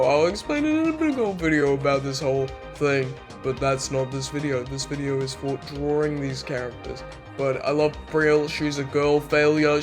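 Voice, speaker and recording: Man with a slightly raised pitch doing a loose, self-interrupting art commentary over quiet background music. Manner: rambling, jokey, self-interrupting. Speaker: artist narrating his drawing video. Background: faint background music.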